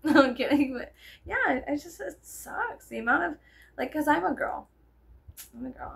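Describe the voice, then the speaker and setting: A woman's voice: high-pitched, animated, moderate pace, gravelly. A tired young woman rambling to her viewers in a casual vlog, swearing a lot and joking sarcastically. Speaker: vlogger. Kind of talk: casual chat to camera.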